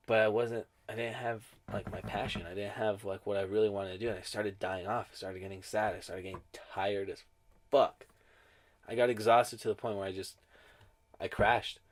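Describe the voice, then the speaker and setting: A young man with a low voice co-hosts a casual podcast chat. He talks in a laid-back, reflective way and drops the odd curse word. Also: little pitch movement, normal speed. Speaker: podcast co-host.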